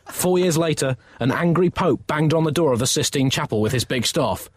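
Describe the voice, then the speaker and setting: Brief: playful comedy host, slightly high voice, dry close mic. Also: male voice, lively intonation, brisk, dry recording. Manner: wry, mock-grand, playful. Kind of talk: comic storytelling and sign-off.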